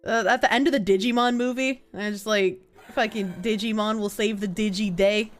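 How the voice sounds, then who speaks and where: A young woman streams a video game live, chatting and joking crudely and casually with her viewers as she plays. Her medium-pitched voice keeps a steady tone at normal speed, with faint music behind her.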